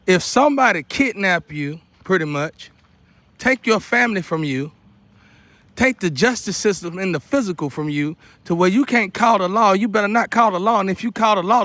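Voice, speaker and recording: A man with a high-pitched voice speaks to the camera outdoors in a preachy, repetitive way. His monologue keeps building toward an urgent outcry. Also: fairly bright tone, dry recording. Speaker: vlogger. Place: outdoors near a porch.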